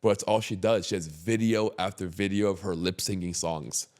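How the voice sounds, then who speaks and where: A man hosting a casual podcast conversation, talking emphatically and getting animated when he makes a point. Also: low voice, moderate pace. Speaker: podcast host.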